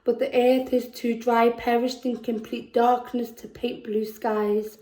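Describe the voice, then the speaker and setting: A woman with a Scouse accent performing spoken word poetry, slow and deliberate, with emphatic repetitions. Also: on the high side, flat delivery, warm tone, echoey room, low-quality recording. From England. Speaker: poet. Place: festival venue indoors.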